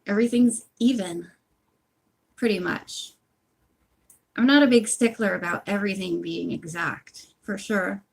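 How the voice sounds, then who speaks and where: A woman's voice: mid-range voice, measured pace, gravelly, pauses often, husky. A woman casually chatting on a phone livestream at home while she knits, rambling with lots of asides. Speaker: audiobook channel host.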